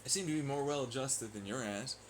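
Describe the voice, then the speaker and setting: A man's voice: medium pitch, a little fast, slight background noise, low-quality recording. A man vlogging in a profane, sarcastic and taunting rant. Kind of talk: ranting monologue.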